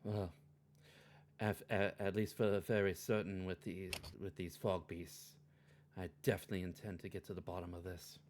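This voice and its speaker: Measured, curious elf woman as a man plays her, low, in-character tabletop role-play. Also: little pitch movement, a little hiss or hum, close to an everyday voice. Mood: musing.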